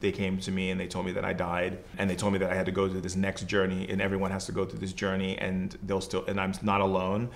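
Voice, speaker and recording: Low, flat-voiced man telling a story. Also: fast talker, vocal fry, few pauses. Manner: casual, loose, full of "like" and "you know". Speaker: podcast guest, shaman. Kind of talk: personal storytelling in conversation.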